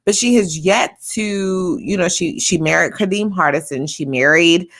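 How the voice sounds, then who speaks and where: A woman's voice: lowish voice, normal speed, fairly bright tone. A woman co-hosting a podcast in casual chat, thinking aloud and often breaking off to restart a thought. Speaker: podcast co-host.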